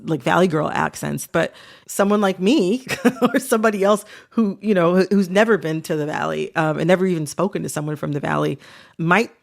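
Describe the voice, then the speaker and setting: A woman's voice: lowish voice, a little fast, creaky. A woman hosting a podcast interview, chatty and casual, peppering her talk with "like" and "you know". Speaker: podcast host. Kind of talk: conversational interview.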